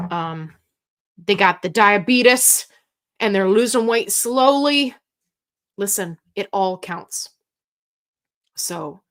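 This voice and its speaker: A woman's voice: medium pitch, fairly bright tone. A woman hosting a casual live stream, chatting and reading viewer comments aloud in an upbeat, talkative way. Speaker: livestream host answering viewer questions.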